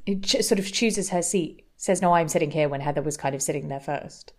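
A woman's voice: sits low, fairly quick. A woman co-hosting a podcast, chatting in a reflective way with easy laughter. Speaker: podcast co-host. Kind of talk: casual chat.

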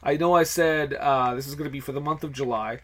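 A man's voice: medium pitch, fairly even intonation, fast talker, a bit bright. A man hosting a film podcast in casual chat, teasing his co-host and plugging the show. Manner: upbeat, plugs the show, teasing.

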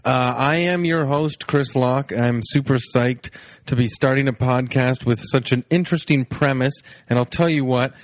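A man's voice: medium pitch, moderate pace, no room sound. Laid-back man with a tired-sounding voice. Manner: sleepy-sounding, laid-back, rambling with fillers. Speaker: podcast host. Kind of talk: casual rambling podcast intro. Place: home, on his couch.

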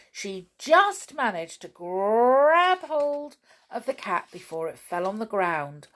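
A woman reading a children's story aloud in a slow, expressive way. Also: fairly low pitch.

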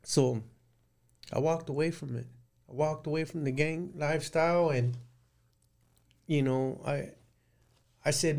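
Middle-aged man, gravelly voice sitting a bit high, plain-spoken interview guest telling his story. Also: steady tone, measured pace, long pauses, a little mellow. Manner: plain-spoken, rambling, with frequent restarts and "like". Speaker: guest recounting prison life.

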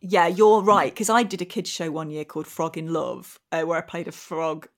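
A woman's voice: on the low side, fairly even intonation, normal speed. An English woman in her forties, a comedian telling funny stories in casual chat and laughing often. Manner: chatty storyteller, laughs often. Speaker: comedian guest.

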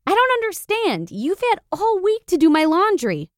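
Lady doing a grumpy whiny preteen boy, pitched up, storytime. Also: wildly swooping pitch, normal speed, dry recording, clean studio sound, heavily acted. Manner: whining, sulky. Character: whiny, surly twelve-year-old boy.

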